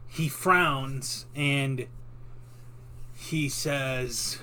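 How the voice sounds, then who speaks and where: A man narrating a tabletop game as game master, in an unhurried, rambling way with many fillers. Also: medium pitch, fairly even intonation, pushed and bright, slight background noise.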